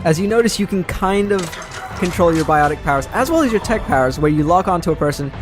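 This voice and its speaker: A man's voice: a little high, expressive, quick pace. Chatty man commenting on gameplay. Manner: chatty, self-deprecating, jokey. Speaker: let's play host. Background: game music and sound.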